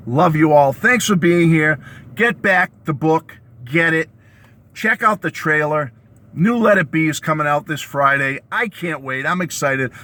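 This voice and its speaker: A man hosting his own video channel, with a hoarse, worn-out voice, ranting excitedly about a new release and calling his viewers "folks" again and again. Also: medium pitch. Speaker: YouTube host reviewing music releases. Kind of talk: enthusiastic vlog rant. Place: home basement studio.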